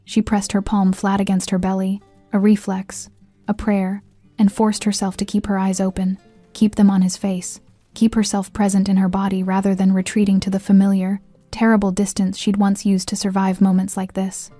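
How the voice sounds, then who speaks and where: A woman giving a measured, scripted narration of a story. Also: medium pitch, no echo. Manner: measured, even reading. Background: faint music.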